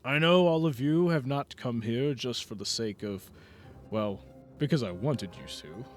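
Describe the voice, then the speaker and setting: A man's voice: medium pitch, measured pace, faint music behind, voice pushed down, natural voice. A man voicing a genial, chatty bearded king who speaks in a stately way. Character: genial bearded middle-aged male king.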